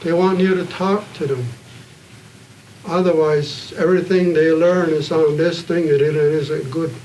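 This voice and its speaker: A man addresses a gathered audience in an earnest, plain-spoken way, pausing often between thoughts. His voice sits a little high for a man. The mic is set well away from him, with a soft hum of room noise underneath. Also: fairly even intonation, distant mic, rough recording. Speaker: panel speaker at a community evening. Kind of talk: heartfelt public storytelling.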